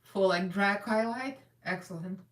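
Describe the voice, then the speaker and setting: A woman's voice: medium pitch, measured pace. Chatty woman doing a live makeup stream. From Russian American. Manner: chatty, rambling, laughs often. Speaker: makeup livestream host. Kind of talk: casual live makeup chat. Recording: echoey room, voice a little far from the mic.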